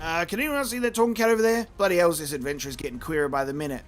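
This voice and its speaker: A man's voice: on the high side, very fast, faint music behind, close to an everyday voice. A man doing a brash greedy sky pirate. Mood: brash, grumbling. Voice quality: slangy rough pirate talk. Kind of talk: voicing game characters while playing.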